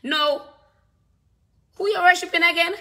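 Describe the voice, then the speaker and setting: A woman's voice: extremely high pitch, steady tone, measured pace, sharp tone. A woman preaching a fervent, repetitive sermon with bursts of speaking in tongues.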